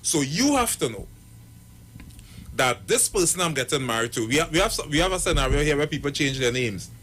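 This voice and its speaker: A man's voice: a little high, fairly quick, slight background noise. A pastor and marriage counselor, giving advice on radio and acting out the people in his stories. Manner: animated storyteller acting out quoted voices. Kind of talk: radio talk, storytelling advice.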